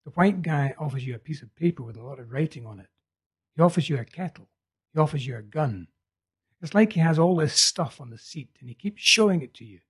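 A man reading the part of a feverish young man urgently telling a vision, in a husky voice. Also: on the high side, animated, brisk. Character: feverish young male prophet, intense and urgent.

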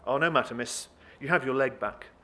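A man's voice: medium pitch, brisk, sharp tone, close to an everyday voice. A man voicing a polite, awkward young Dutch clerk who talks hesitantly.

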